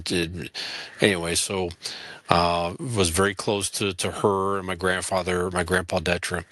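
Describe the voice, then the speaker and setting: A man in his fifties with a very low voice and a bright, forceful edge. He co-hosts a casual podcast, talking earnestly and haltingly. The sound is close and dry. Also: no room sound. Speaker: podcast co-host.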